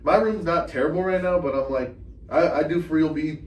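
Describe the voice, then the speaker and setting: A man's voice: fairly high pitch, fairly quick. A young man as a guest on a student podcast, talking loosely with lots of slang. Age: young adult. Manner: laid-back, loose slangy talk, "dude" and "man" often. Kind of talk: casual chat. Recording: roomy sound, mic at a distance, faint noise.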